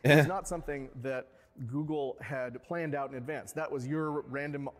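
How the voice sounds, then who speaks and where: A man narrating a tech news report in a measured, explanatory way. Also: medium pitch, fairly even intonation.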